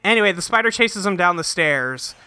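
A man's voice: sits high, lively intonation, a little fast, sharp tone, clear, resonant tone, no room sound. A man recapping a cartoon episode in casual, profane, joking podcast chat, rambling with fillers, on a close mic. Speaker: podcast co-host.

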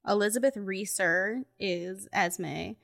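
A woman's voice: medium pitch, slow pace, creaky, a bit bright. Chatty laughing woman, casual podcast talk. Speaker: podcast co-host. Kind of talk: casual chat.

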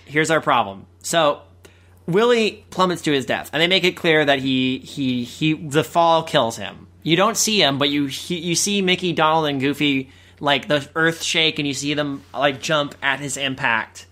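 Bright-voiced man chatting about cartoons. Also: on the high side. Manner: enthusiastic, joking, quick asides. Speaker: podcast co-host. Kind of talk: casual film discussion.

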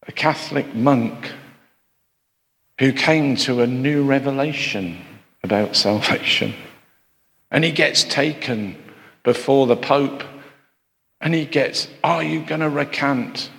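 Gravelly preacher in a reverberant hall. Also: male voice, medium pitch, slow, pauses often, a bit bright. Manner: conversational, asides and rhetorical questions to the congregation. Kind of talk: sermon.

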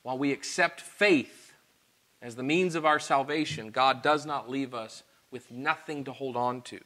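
Earnest male preacher, bright forceful voice. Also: medium pitch, a little slow. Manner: earnest, swings from quiet confession to loud emphatic questions. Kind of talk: sermon.

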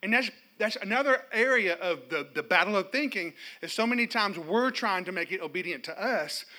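High, bright-voiced pastor preaching. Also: male voice, a little fast. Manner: animated, humorous storytelling with calls to the congregation. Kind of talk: sermon. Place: church.

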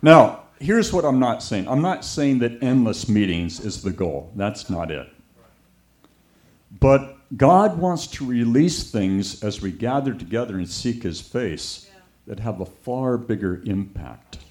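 A man preaching a sermon, telling a story with lively anecdotes and acting out the voices of people he quotes. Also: mid-range voice, unhurried.

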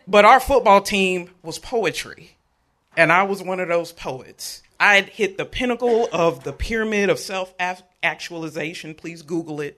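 A man, telling a personal story at a live event, animated and joking with the audience. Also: high voice.

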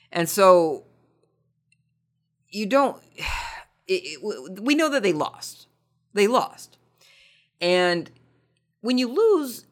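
A man's voice: a little high, a bit bright. A man hosting a podcast, answering listener questions in a rambling, tongue-in-cheek monologue full of false starts and repeated words. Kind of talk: casual comedic monologue.

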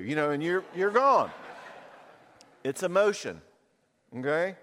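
Middle-aged guy preaching, jokey and lively, lots of hall echo. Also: fairly high pitch, a little slow, slight background noise. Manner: animated, jokey, acts out voices. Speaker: pastor. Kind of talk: sermon. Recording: long hall reverb.

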